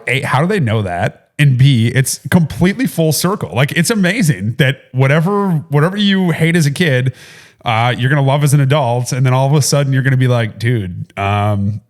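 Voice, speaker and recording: Male co-host, thirties, booming casual delivery, rambling and unpolished. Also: expressive, a little fast. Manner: loud, rambling, lots of fillers and restarts. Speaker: podcast co-host. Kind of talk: casual business podcast chat.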